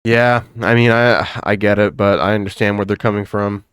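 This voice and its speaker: A man's voice: lowish voice, fairly even intonation, moderate pace, a bit bright, clear, resonant tone, dry recording, studio quality. A man hosting a podcast in casual chat, joking, swearing and laughing often. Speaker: podcast host.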